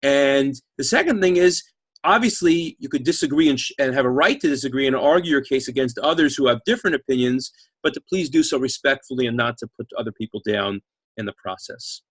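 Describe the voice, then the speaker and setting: A man teaching an online class, telling a story in an animated, chatty way and reading out viewer comments. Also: mid-range voice, a little fast, husky, no room sound.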